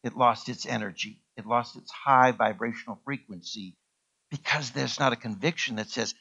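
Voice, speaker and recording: A male pastor preaching a sermon in a church, emphatic and repeating key words with sweeping rises in pitch. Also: moderate pace, creaky, pushed and bright, breathy edge, muffled recording. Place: church sanctuary.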